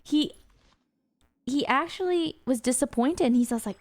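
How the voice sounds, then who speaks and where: A woman streamer casually telling a story to her chat, animated and laughing often, acting out the lines of the people in it. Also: sits high, measured pace, pauses often. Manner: animated, acts out quoted lines, frequent laughter. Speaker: rideshare driver.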